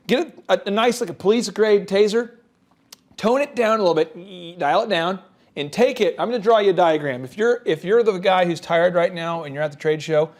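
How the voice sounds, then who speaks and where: Male co-host, high voice, lively comic advice with put-on bits. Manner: animated, acts out mock voices and scenarios. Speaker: co-host of a business podcast. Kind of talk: comedic business advice chat.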